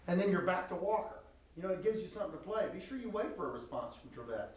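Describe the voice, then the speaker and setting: A man's voice: sits high, big pitch swings, fast, a little mellow. A man coaching an actress through an audition tape, blunt and direct, acting out lines as he goes. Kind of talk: coaching an actor at an audition taping. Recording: echoey room, mic far off, faint hiss.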